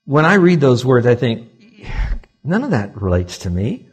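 A man preaching a sermon in a church, with animated swings from quiet, intimate remarks to loud emphatic lines. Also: mid-range voice, normal speed, breathy edge. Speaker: pastor.

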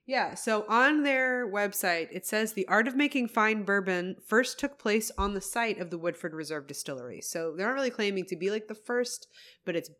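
A woman's voice: medium pitch, expressive, moderate pace, fairly bright tone. A woman co-hosting a casual chat while tasting whiskey, talking through facts with chatty asides. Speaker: podcast co-host.

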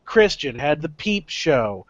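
A man co-hosting a casual wrestling chat, animated and full of "like" fillers. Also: fairly high pitch, takes it slowly, no echo. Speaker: podcast co-host. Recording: dry, dull lo-fi audio.

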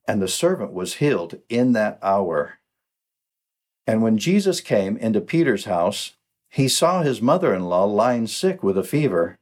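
Man reading scripture, slow and measured. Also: lowish voice, sing-song, a little mellow. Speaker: podcast host.

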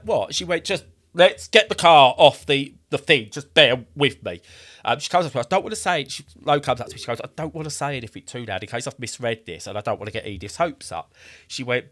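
A man's voice: mid-range voice, fairly bright tone. A man in his thirties telling a rambling story in a casual way, acting out the voices he quotes.

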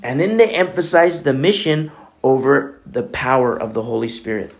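A man's voice: medium pitch, lively intonation, moderate pace, gravelly. A man preaching a sermon as pastor, emphatic, asking rhetorical questions and repeating phrases for weight.

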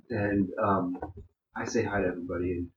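A man's voice: fairly low pitch, expressive, normal speed. A man telling a story in a casual, rambling way, full of fillers and swearing. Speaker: podcast co-host. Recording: muffled, echoey room with faint hum.

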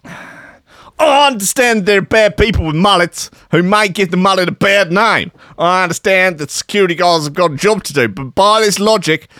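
A man putting on a loud, brash young bloke, shouting and swearing indignantly. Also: sits high, normal speed, voice pushed up. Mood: outraged.

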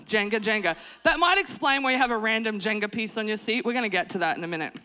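A woman in her thirties preaching at a conference, mixing prayer with humorous family stories, soaring high for emphasis and dropping soft and low when she prays. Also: fast talker. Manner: animated, jumps to high exclaiming pitch for emphasis. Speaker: conference speaker. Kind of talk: sermon with prayer and humorous storytelling. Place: conference hall stage.

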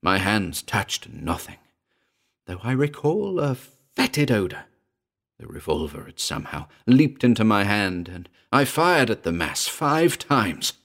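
A man narrating a first-person horror story in a slow, grave, measured delivery. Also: fairly low pitch, sing-song, gravelly, a bit bright. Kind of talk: dramatic horror story reading.

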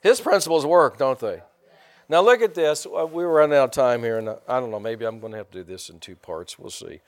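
A middle-aged male pastor preaching a conversational sermon, often repeating words, asking the congregation rhetorical questions and breaking into loud bursts. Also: medium pitch, lively intonation, a little fast.

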